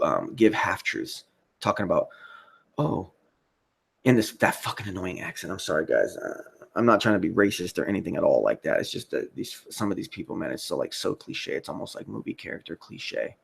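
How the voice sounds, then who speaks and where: A man's voice: low-pitched, vocal fry, husky. A man hosting a livestream, giving rambling, profane commentary and reading out chat comments. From United States. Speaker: livestream host.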